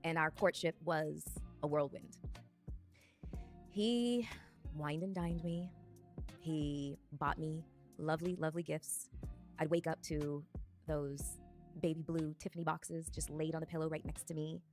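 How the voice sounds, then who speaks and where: A woman's voice: low-pitched, fairly even intonation, a little mellow. A woman in her thirties telling her life story in a reflective, dreamy way. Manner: reflective, dreamy, drawn-out phrasing. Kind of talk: personal storytelling. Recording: faint music underneath.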